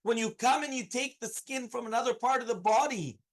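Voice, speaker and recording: A man's voice: very high voice, a little fast, fairly bright tone, low-quality recording. A man, a rabbi, giving a Torah lesson and telling a story in an earnest, repetitive way.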